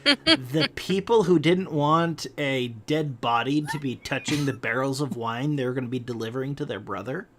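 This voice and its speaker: A man narrating as game master of a tabletop game, unhurried and hesitant, pausing with fillers. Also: medium pitch, lively intonation, a bit bright, slight background noise.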